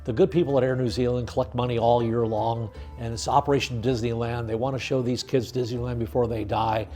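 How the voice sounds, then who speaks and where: An older man, a retired highway patrol officer, telling stories in an interview in a lively way. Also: fairly quick, faint music behind. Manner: lively storyteller, acts out voices in quotes. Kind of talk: storytelling interview.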